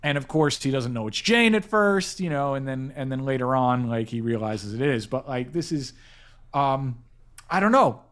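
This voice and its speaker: A man's voice: medium pitch, animated, normal speed, fairly bright tone. A man hosting a casual pop-culture podcast, talking enthusiastically with lots of restarts and self-corrections. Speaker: podcast host, editor-in-chief.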